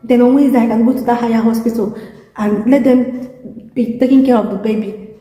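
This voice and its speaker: A woman's voice: fairly high pitch, steady tone, a little fast, dark tone, roomy sound, big-room sound, rough recording. A young Nigerian woman with a Nigerian accent recording a video diary from a hospital room, tearful and exhausted, repeating herself in a weary, pleading way. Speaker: vlogger.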